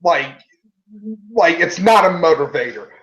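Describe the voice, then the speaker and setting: A man's voice: on the high side, animated, unhurried, a bit bright, poor audio. A man in casual chat, ranting angrily and swearing, with candy in his mouth. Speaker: guest.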